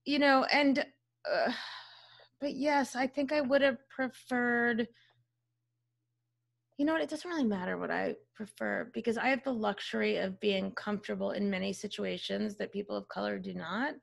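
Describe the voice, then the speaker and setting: A woman's voice: medium pitch, normal speed, gravelly. A woman podcast host and psychologist talking candidly in casual conversation, swearing freely, with many fillers.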